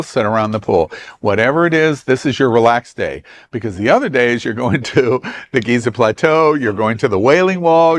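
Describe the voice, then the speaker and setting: A man with a Southern US accent, hosting a travel club and briefing a group in a meeting room in a chatty, joking way. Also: mid-range voice.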